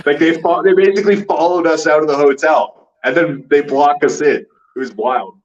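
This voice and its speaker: A man's voice: fairly high pitch, moderate pace, distant mic, muffled recording. A man on a podcast who tells events steadily, step by step. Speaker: podcast guest. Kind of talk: casual storytelling chat.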